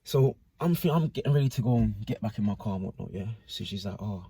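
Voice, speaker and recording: A man's voice: fairly low pitch, animated, quick pace, mellow, slightly rough, no echo. A man telling a casual personal story to camera in slangy speech with constant tag questions.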